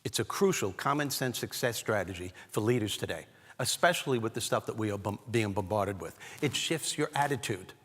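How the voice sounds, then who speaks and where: A man from Brooklyn, giving a comedic motivational keynote with animated, punchy storytelling. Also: lowish voice, fairly quick, in a large hall. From Brooklyn, New York. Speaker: keynote speaker. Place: large hall, on stage.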